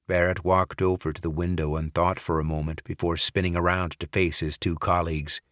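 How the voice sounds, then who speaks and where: Brief: male thriller audiobook narrator, very low voice, dry close sound. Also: no echo. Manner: measured, even storytelling. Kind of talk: scripted narration.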